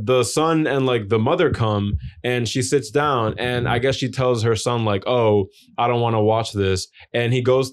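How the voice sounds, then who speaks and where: Young man, podcast co-host, casual rambling storyteller, swears a lot, mid-pitched voice. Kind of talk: casual chat.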